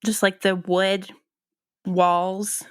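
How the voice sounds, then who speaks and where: A woman's voice: mid-range voice, level tone, very slow, smooth, no echo, studio quality. A woman co-hosting a podcast in casual chat, hesitant with many ums and restarts. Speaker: podcast co-host.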